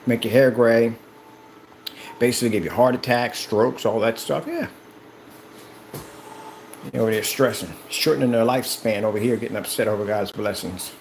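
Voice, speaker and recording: A man presenting and selling his product in an excited vlog, talking straight to his viewers in a preachy, animated way, indoors beside a projector. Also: medium pitch, normal speed, creaky, long pauses, slight background noise, low-quality recording. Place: indoor room with projector and screen.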